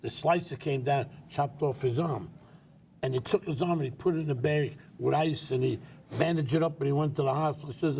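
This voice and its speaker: A man's voice: on the high side, fairly quick, slight background noise. A man co-hosting a casual talk show, telling a long joke and acting out the people in it. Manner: animated storyteller, acts out the people in his joke. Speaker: co-host.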